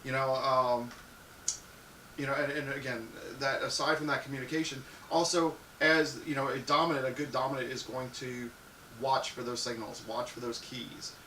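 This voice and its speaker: Man, live show host, frank and crude, forceful tone, echoey room. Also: mid-range voice, level tone, moderate pace, distant mic. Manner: frank and crude, acts out little scenes in loud voices. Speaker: live show host answering viewer questions. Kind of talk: casual live-stream advice talk. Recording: echoey room, off-mic, faint hiss.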